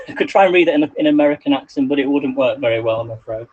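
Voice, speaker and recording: A man's voice: mid-range voice, fast, darkish tone, husky, muffled recording. A man hosting a casual live cooking stream from his home kitchen, chatting and rambling to viewers while he cooks. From England. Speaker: livestream cooking host. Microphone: phone on a selfie stick.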